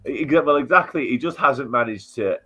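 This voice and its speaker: A man's voice: medium pitch, lively intonation, fairly quick, bright, forceful tone, husky, soft background music. A man on a football podcast panel, giving frank, chatty opinions on a player's future. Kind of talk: casual football chat. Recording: dull lo-fi audio.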